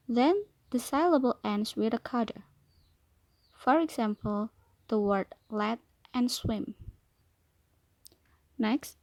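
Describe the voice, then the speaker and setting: A young woman from Indonesia, a student presenting a lesson and reading definitions aloud, carefully slowing to repeat key points. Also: a little high, no room sound. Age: young adult. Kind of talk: read-aloud explanatory lesson.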